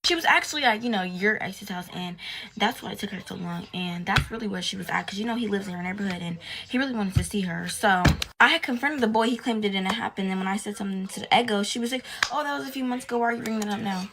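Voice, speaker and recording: A woman's voice: medium pitch, fast, background noise. A young woman telling a storytime tale in casual, slangy, profane talk, retelling events with drama. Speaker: storytime vlogger.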